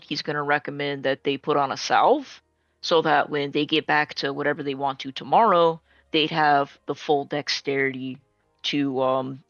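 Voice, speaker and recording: A man's voice: fairly high pitch, a bit bright, no echo, highs cut off. Hesitant man playing a tabletop game. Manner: hesitant, starts lines with "uh". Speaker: player.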